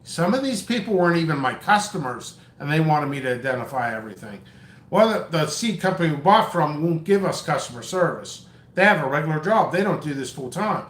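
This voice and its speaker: A man's voice: on the high side, sing-song, brisk, a bit bright. A man hosting his own channel, ranting in a long-winded, stammering, exasperated way. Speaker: seed seller and channel host. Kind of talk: rambling vlog rant. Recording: echoey room.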